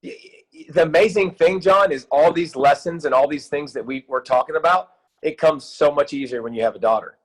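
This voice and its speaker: A man in his thirties, a youth football coach, talking in an excited, rambling way with many restarts in a casual interview. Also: a little high, fairly quick, rough recording.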